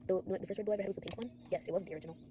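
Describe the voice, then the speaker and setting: A woman's voice: medium pitch, very fast, heavy background noise. A teenage girl vlogging at home after an all-nighter, tired, swearing and rambling from topic to topic. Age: teens. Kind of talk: rambling late-night vlog.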